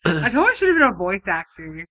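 A woman's voice: on the low side, big pitch swings, fast, sharp tone, no echo. A young woman chatting casually, teasing and laughing often. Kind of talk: casual chat.

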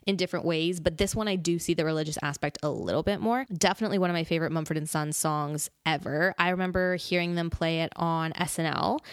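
Low-voiced young woman rambling about music on her podcast, lots of "like", dead dry mic. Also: fairly even intonation, fast, few pauses, clean tone, no echo. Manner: chatty, frequent "like" fillers, sings snippets. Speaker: podcast host. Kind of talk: solo casual music talk.

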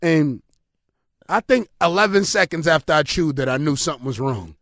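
A man telling loud, profane stories in casual chat with friends. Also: fairly high pitch, moderate pace, dry recording, studio quality. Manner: profane, animated storytelling.

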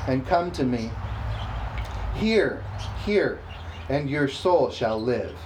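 A man preaching a sermon, reading scripture slowly and emphatically and calling for responses from the congregation. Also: mid-range voice, a little mellow, a little hiss or hum, rough recording. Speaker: pastor.

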